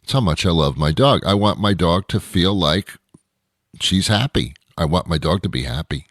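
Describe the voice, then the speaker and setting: A male host giving a wry, rambling comedic monologue with dramatic pauses. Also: sits low, animated, dry recording, studio quality.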